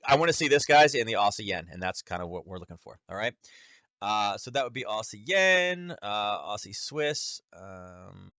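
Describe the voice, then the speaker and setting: A man with a lowish, sharp-toned voice hosts a relaxed trading lesson over screen share, wandering through the charts in chatty fashion, full of fillers and corrections of himself. There's no room sound.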